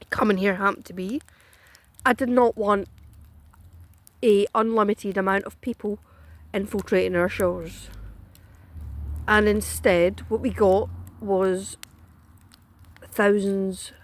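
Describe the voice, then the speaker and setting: A woman's voice: medium pitch, no room sound. Blunt ranting Scottish woman. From Scotland. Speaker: political commentator. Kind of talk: casual chat.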